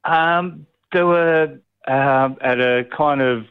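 An Australian man calling in to a radio show, telling a story hesitantly with many pauses and fillers. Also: a little high, clean tone. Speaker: caller. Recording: tinny phone line.

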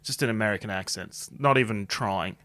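A man's voice: fairly low pitch, a little fast, fairly bright tone. A man, co-hosting a casual gossip podcast and telling stories in a laid-back way, with the odd swear. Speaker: podcast co-host.

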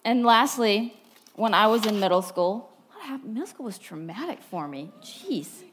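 A woman giving a sermon, telling personal stories in an animated way, swinging from bright and loud to hushed and low. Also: normal speed, a little hiss or hum. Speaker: speaker at a church talk.

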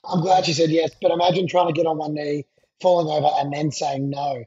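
A man's voice: a little high, flat delivery, brisk, mellow, breathy edge, no room sound. A man co-hosting an interview, asking questions and joking with his guest. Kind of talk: casual interview. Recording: dull, lo-fi sound.

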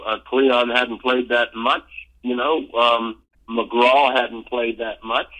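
An older man who once played pro baseball, speaking at a mid-range pitch on a low-quality recording. As an interview guest he spins long, lively, rambling anecdotes in a relaxed way, packed with fillers and restarts.

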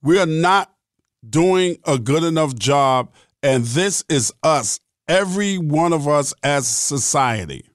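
A man's voice: on the high side, animated, slow, dry recording, clean studio sound. A middle-aged man hosting a podcast, talking in a blunt, profane and emphatic monologue. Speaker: podcast host.

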